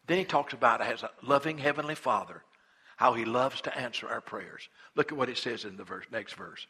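Bright, husky-voiced male preacher. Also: medium pitch, a little fast. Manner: folksy storytelling, retelling a parable in everyday talk; repeats and restarts words. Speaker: pastor. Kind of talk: sermon.

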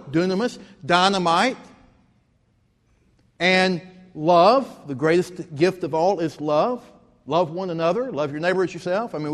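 A man's voice: on the high side, big-room sound. A man, preaching a sermon as pastor, telling stories with rising emphasis. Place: church sanctuary.

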